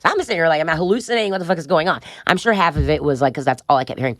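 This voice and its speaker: A woman's voice: low-pitched, rapid-fire, no echo, clean studio sound. A middle-aged woman as a podcast guest, telling a wild story bluntly and profanely, laughing along as she goes. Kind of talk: candid storytelling interview.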